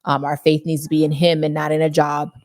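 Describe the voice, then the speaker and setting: A woman's voice: low voice, flat delivery, a little fast, a little mellow, no echo, clean studio sound. A woman co-hosting a podcast, speaking earnestly and reflectively about her faith. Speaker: podcast co-host. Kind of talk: casual reflective storytelling.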